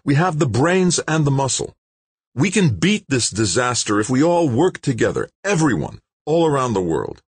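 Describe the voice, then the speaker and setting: A man voicing an earnest male scientist who speaks urgently and emphatically, in a husky voice. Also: medium pitch, very animated, moderate pace, no echo, voice pushed up. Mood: impassioned.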